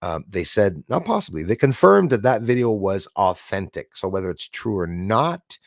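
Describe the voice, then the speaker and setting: A man's voice: fairly low pitch, sing-song, moderate pace, vocal fry, no room sound, clean studio sound. A middle-aged man from Canada hosting a live stream, chatting casually and rambling as he reads viewer comments aloud. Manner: chatty, rambling, laughs often.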